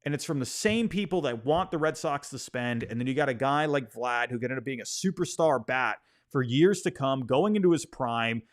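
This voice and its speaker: A man's voice: medium pitch, expressive, normal speed, hardly any pauses. A man hosting a casual sports opinion show, ranting in an exasperated way, repeating himself and apologizing for getting worked up. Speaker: sports podcast host.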